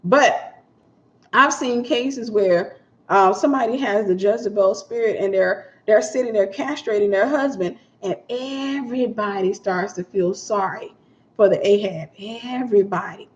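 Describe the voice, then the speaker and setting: A woman's voice: medium pitch, a little slow. A woman minister teaching a sermon in a conversational way, repeating her key points and acting out little scenes. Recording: dull lo-fi sound.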